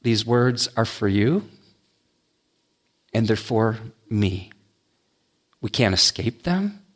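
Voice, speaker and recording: A male pastor preaching a sermon, dropping low and quiet on his key words. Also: sing-song, slow pace.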